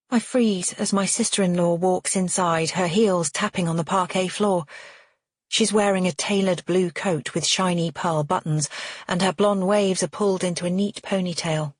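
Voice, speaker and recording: A woman reading a thriller audiobook in first person, with a measured, earnest delivery. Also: on the low side, fairly even intonation, dry recording, studio quality. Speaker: audiobook narrator. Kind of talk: first-person scripted narration.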